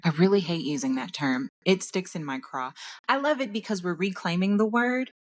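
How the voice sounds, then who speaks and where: A woman's voice: lowish voice, normal speed, slight background noise. Podcast host: young woman from Dallas, Texan accent, candid, passionate monologue, frequent restarts. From Dallas, Texas. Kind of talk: personal monologue.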